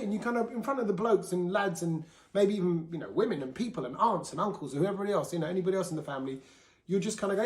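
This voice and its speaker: A man's voice: high-pitched, quick pace, a little mellow, echoey room. Chatty man. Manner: chatty, open, with quoted voices and laughs. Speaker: podcast host. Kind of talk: candid solo talk.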